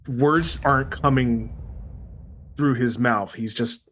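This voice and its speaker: A man playing a tabletop game, describing his character in a hesitant, halting way. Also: mid-range voice, fairly bright tone, slight background noise, poor audio. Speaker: player.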